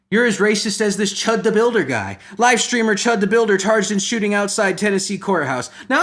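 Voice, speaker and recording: A man hosting a comedy podcast, ranting satirically in a rambling, profane way that keeps jumping into loud mock outrage. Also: a little high. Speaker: podcast host.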